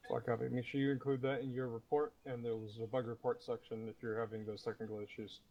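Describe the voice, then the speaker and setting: A man commanding a military sim unit, leading a mission debrief over game voice chat in a steady, matter-of-fact manner. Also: medium pitch, quick pace, lo-fi sound, noisy background. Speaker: commanding officer running the debrief.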